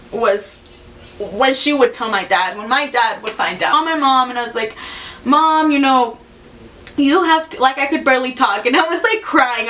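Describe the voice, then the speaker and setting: A young woman vlogger telling a casual storytime, animated and swearing freely, acting out quotes in high squeals. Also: recorded from a distance.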